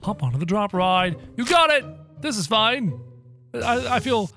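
A gaming video narrator giving excitable, playful let's-play commentary in character, bursting into yelps and laughter. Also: mid-range voice, a little slow, faint music behind.

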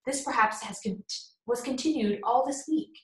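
A woman's voice: a little high, moderate pace, voice pushed up, close to an everyday voice. A woman reading the lines of a loyal, frightened older male butler in an audiobook, in an anxious, pleading way. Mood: worried. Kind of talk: audiobook character voice. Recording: roomy echo.

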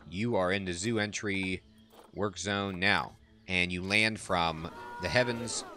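Low-voiced man chatting over gameplay. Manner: chatty, amused, talks to the animals. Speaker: let's play host. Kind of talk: casual game commentary.

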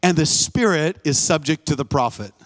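Emphatic male preacher, higher voice. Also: animated, moderate pace. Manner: emphatic, call-and-response, repeats phrases. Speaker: guest preacher. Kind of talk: live church sermon. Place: church sanctuary.

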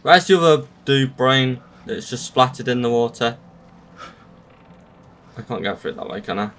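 A man playing a horror game, muttering to himself between yelled insults at the enemies. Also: medium pitch, expressive, normal speed, slight background noise. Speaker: gamer. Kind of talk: gameplay commentary.

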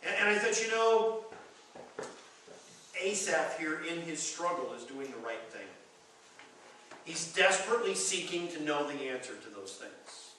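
A man's voice: fairly high pitch, big pitch swings, a little slow, pauses often, sharp tone, slight background noise. A man preaching a sermon to a congregation, emphatic and often repeating words as he goes. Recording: echoey hall recorded from far off.

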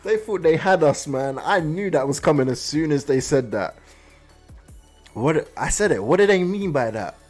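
A man hosting an anime reaction video, talking in an excitable, slangy way straight to his viewers. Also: on the high side, normal speed, soft background music. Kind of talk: casual reaction commentary.

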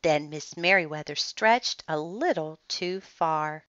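A woman reading a children's picture book aloud in an expressive, deliberate storytelling manner. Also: low voice, no room sound. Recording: dull lo-fi, dry sound.

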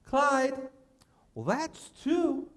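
A man voicing a calm, stern elderly wife who speaks in short, flat, clipped phrases. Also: very high-pitched, extremely slow, voice pushed up, exaggerated voice. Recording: echoey church hall.

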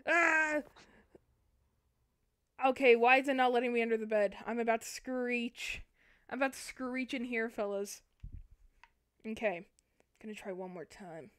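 High-voiced, bright woman streamer. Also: a little slow, pauses often, clear, resonant tone, no room sound, studio quality. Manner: jumpy, chatty, talks to her chat while playing. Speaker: Twitch streamer. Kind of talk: live gameplay commentary.

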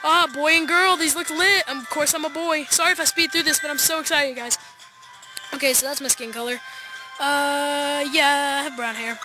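An excitable male gamer with a high, light voice talks fast and eagerly to his viewers. Music plays clearly behind his chatty commentary. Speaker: gaming YouTuber. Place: backyard, outdoors.

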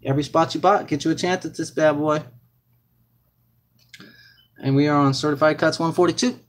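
A young man hosting a live card break, excitedly calling out cards to his viewers. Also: fairly high pitch, normal speed. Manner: excited, hyped-up, talks to viewers as "guys" and "man".

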